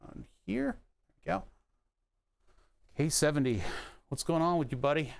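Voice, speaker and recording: Male streamer, profane and rambling, smooth clear voice a bit on the high side. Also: moderate pace. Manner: profane, rambling, self-amused. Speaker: streamer repairing a keyboard. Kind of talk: casual livestream chat while working. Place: home room with air conditioning running.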